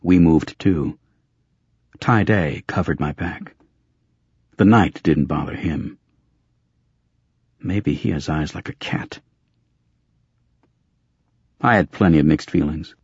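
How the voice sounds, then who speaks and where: A very deep, husky male voice narrating a first-person audiobook in a dry, gritty way. The sound is close and dead, with no room around it. The recording is a little dull and muffled. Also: takes it slowly, long pauses, darkish tone, no room sound.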